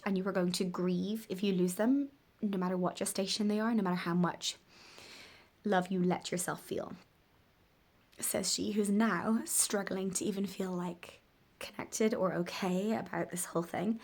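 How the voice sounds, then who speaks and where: A woman's voice: mid-range voice, steady tone, moderate pace, darkish tone. A woman talking candidly to her camera in a casual personal vlog, often dropping to a whisper, with a morning voice. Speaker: vlogger and mother of three.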